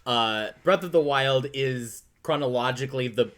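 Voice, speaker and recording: A man's voice: medium pitch, normal speed, a bit bright. A man co-hosting a casual podcast, explaining lore with frequent laughs and fillers. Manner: giggly, storytelling, lots of fillers.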